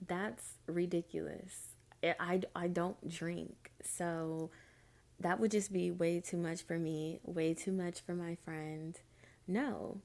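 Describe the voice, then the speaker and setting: Young woman, storytime vlogger, chatty, exasperated, slow pace, dark mellow tone. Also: on the low side, steady tone, gravelly. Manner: chatty, exasperated, addresses viewers as y'all. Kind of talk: storytime vlog.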